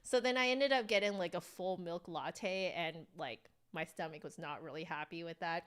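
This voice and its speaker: A woman's voice: on the low side, normal speed, a bit bright. A woman hosting a flute livestream, chatting casually with viewers, laughing often and filling with "like" and "um". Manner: chatty, giggly, reads chat aloud; fillers, self-correcting.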